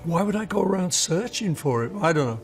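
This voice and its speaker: A man's voice: on the high side, expressive, brisk, soft background music. An older man from England, telling anecdotes in an interview and acting out the voices of people he quotes. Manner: acts out quoted voices in his stories. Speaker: musician interviewee.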